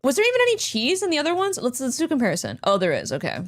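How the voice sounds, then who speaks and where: Animated young woman streaming casually. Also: high-pitched, racing. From Canada. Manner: excitable, swearing, animated reactions. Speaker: streamer hosting a watchparty.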